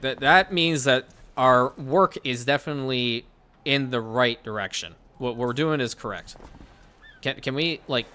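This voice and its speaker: Pushed and bright at a medium pitch, this man hosts a gaming channel. His commentary is casual, full of chatter and thinking aloud while playing, with frequent mid-sentence self-corrections.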